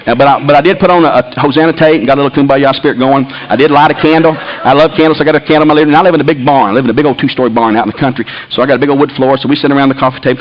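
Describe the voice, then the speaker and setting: A middle-aged man telling a comic story, animated and breathless, laughing as he talks, his voice climbing high and loud when he gets excited. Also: very fast, hardly any pauses, highs cut off. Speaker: comedian storyteller. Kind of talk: comic story to a live audience.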